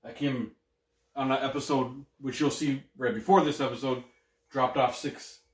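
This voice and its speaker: A man's voice: mid-range voice, steady tone, moderate pace. A young man in casual podcast chat, joking crudely and laughing often. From Canada. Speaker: podcast co-host. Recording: roomy echo.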